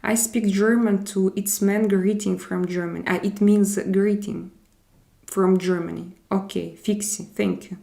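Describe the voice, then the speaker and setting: A woman's voice: mid-range voice, fairly even intonation, a little slow, vocal fry, mellow. A woman from Russia with a Russian accent, hosting a casual live stream and answering viewers' comments as she switches between languages. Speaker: live-stream host reading chat.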